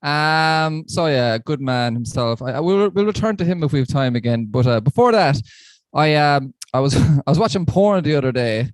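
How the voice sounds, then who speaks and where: A man delivers a stand-up set over a live stream, rambling and self-mocking, chuckling at his own lines. His voice sits a bit high for a man and sounds dry and close, with no room around it. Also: expressive, moderate pace, no echo. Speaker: stand-up comedian.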